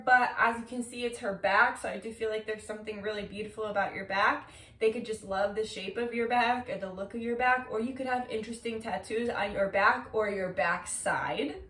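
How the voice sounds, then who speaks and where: A woman's voice: mid-range voice, fairly bright tone. Chatty woman reading tarot in an echoey room. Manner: chatty, loose, swears freely, many filler words. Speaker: tarot reader. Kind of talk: casual tarot reading to camera. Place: room, seated on the floor. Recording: echoey room, mic at a distance.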